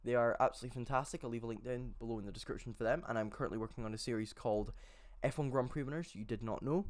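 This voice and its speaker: A man's voice: mid-range voice, rapid-fire. A young man in his late teens gives a casual introduction to his channel, talking in a chatty and hesitant way with frequent fillers. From Scotland. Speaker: channel host.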